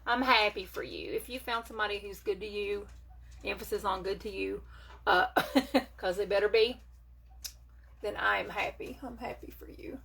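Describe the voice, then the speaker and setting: Chatty, sharp-voiced woman live-streaming makeup. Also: mid-range voice, lively intonation, normal speed, gravelly, breathy edge. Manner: chatty, greets viewers by name, talks to them warmly. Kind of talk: casual live chat while doing makeup. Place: at home. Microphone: phone or webcam for a live video.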